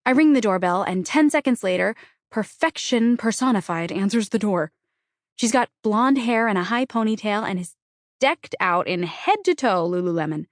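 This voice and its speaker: A woman's voice: a little high, animated, normal speed, no echo, clean studio sound. A woman narrating a novel in the first person, with a wry, conversational, self-deprecating delivery. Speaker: audiobook narrator.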